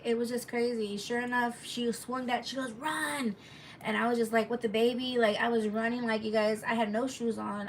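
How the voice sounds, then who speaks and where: A woman's voice: on the high side, recorded from a distance, slight background noise. A woman telling a story casually on a live stream, rambling and chatty with lots of asides to her viewers, reading their comments aloud as she goes.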